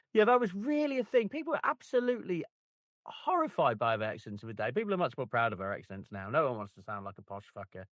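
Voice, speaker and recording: A man's voice: mid-range voice, big pitch swings, fairly bright tone, dry recording. Wry man bantering. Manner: wry banter, quick jokes. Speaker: podcast co-host. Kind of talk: casual chat about a football book.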